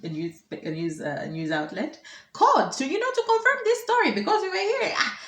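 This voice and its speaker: A woman's voice: sits high, lively intonation, brisk, fairly bright tone. A woman chatting in casual commentary, amused and laughing often. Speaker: vlogger. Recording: roomy echo.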